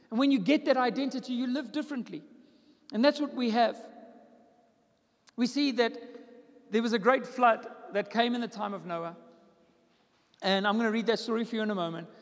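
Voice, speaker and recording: A man's voice: extremely high pitch, big-room sound. A man, a pastor, preaching a sermon with emphatic repetition.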